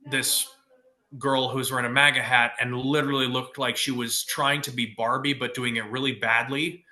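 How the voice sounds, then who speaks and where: Blunt, bright-voiced young man. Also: mid-range voice. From California. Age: young adult. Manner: blunt and profane, with stammered restarts. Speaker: podcast guest. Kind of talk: casual chat.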